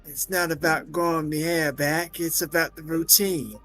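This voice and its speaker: A man's voice: fairly high pitch, steady tone, normal speed, a bit bright, soft background music, lightly acted. A man doing a chatty folksy old codger. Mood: fond. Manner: drops into folksy slang, "me" for "my". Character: chatty elderly working-class city man.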